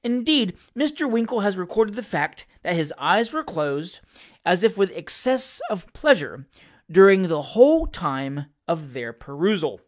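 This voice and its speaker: A reader giving a scripted reading of a classic novel with expressive, lively narration. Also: mid-range voice, unhurried. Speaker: audiobook reader.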